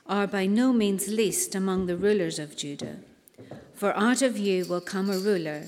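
A woman reading scripture aloud in a measured, solemn way. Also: fairly low pitch, a little hiss or hum. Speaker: scripture reader. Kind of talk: Bible reading in church. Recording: long hall reverb.

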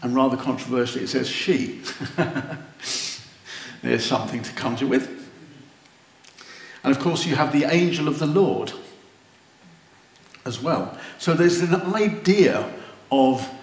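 A man preaching a sermon, slow and earnest, rising to wondering exclamations. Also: medium pitch, lively intonation, vocal fry. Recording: roomy echo.

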